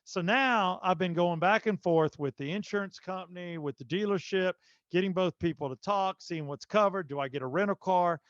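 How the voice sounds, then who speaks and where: Animated man telling a story on a podcast. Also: high voice, moderate pace, no room sound, muffled recording. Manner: animated storyteller, filler-heavy. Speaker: podcast host. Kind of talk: casual podcast chat.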